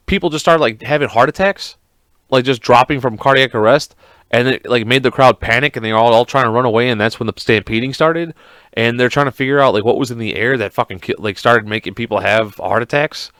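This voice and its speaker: A man hosting a podcast alone, ranting in a casual, profane, rambling and excitable way. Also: mid-range voice, no room sound, clean studio sound. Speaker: podcast host.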